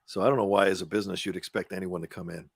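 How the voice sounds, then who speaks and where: A man hosting a live match watchalong, reacting excitedly to the play and laughing often. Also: sits low, very fast, gravelly, breathy edge, no room sound. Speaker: watchalong host.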